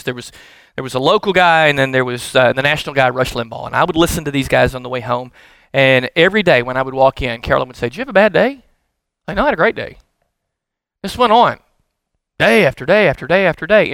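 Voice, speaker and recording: A middle-aged man preaching a sermon with animated, emphatic bursts. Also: mid-range voice, creaky, no room sound, low-quality recording. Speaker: pastor.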